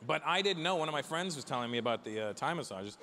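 A man in his forties performing a stand-up comedy set, talking animatedly and acting out characters in quick bits. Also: on the high side, animated, pushed and bright, a little hiss or hum. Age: 40s. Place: large theater with a live audience.

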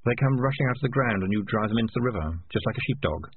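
A man voicing a sly, grinning adult rat piper who talks low and conspiratorially, in a storybook audiobook. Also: lively intonation, racing, natural voice. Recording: tinny lo-fi with faint hiss.

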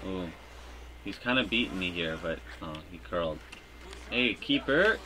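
A man talks through a hockey video game as he plays, in an unhurried, bright and forceful voice. He jokes to himself and bursts into loud cheers at big plays. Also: deep voice, animated. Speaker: gaming YouTuber. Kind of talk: live gameplay commentary.

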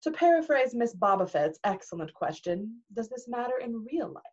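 A woman doing a stern, slow-spoken male teacher. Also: fairly high pitch, sing-song, darkish tone, voice pushed up. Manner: slow, measured, formal. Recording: dull lo-fi recording.

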